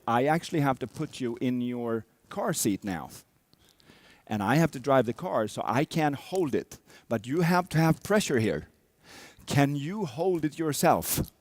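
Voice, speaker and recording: A man's voice: fairly high pitch, no echo. A man in his thirties, a coach, telling a personal story to an audience, acting out sounds and quotes. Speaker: speaker, coach.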